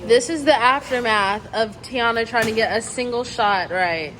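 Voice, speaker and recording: A woman's voice: a little high, normal speed, background noise. A young woman in her twenties chatting casually to her vlog camera, filling her talk with "like.". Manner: chatty, lots of filler "like". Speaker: vlogger.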